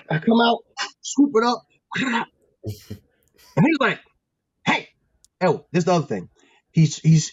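A man from Pennsylvania, a former football player and guest, telling stories in a casual, animated, slangy way with lots of restarts. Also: on the high side, no echo, lo-fi sound. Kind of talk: casual storytelling.

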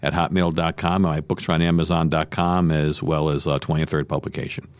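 An older man, a parish priest, chatting and joking as a guest in an interview, animated and quick with humor. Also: a bass voice, clean tone, no room sound. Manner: animated and joking, lively storyteller. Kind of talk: casual interview chat.

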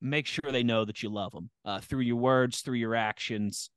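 A man tells a story in an animated, chatty way and laughs often. His voice sits in the middle range, and the sound is close and dry with no room echo. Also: medium pitch, normal speed, clean tone. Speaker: podcast co-host and sports radio reporter. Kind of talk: casual storytelling chat.

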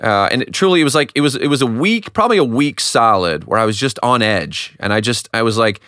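Candid dad talking, dry close sound. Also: male voice, medium pitch, brisk, smooth, no room sound. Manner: candid, self-deprecating, animated asides. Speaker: podcast host. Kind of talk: reflective solo talk.

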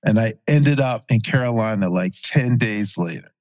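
A man's voice: lowish voice, normal speed, no echo. A man in his forties, a former pro football player, casually telling a story as a podcast guest with plenty of fillers and self-corrections. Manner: relaxed anecdotal retelling with fillers and self-corrections.

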